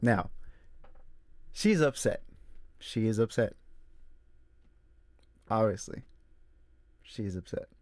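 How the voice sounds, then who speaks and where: A man hosting a casual solo movie talk, emphatic and animated, repeating his points. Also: lowish voice, takes it slowly, pauses often, no echo. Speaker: movie review host. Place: room with a squeaky chair.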